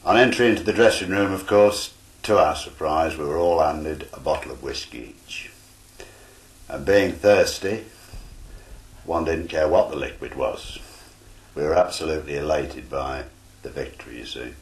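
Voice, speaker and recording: A man's voice: a bass voice, normal speed. An older man, a retired footballer, telling stories from his playing days in a formal storytelling manner. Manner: formal storytelling with quoted dialogue. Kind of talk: reminiscing oral history. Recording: roomy interview recording.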